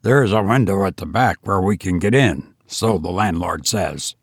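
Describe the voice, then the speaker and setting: A man's voice: low voice, normal speed, husky, dry recording, clean studio sound, voice pushed down. A man reading a story aloud, voicing a hesitant companion who suspects a trick. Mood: plain. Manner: hesitant, uneasy. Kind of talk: audiobook character voice.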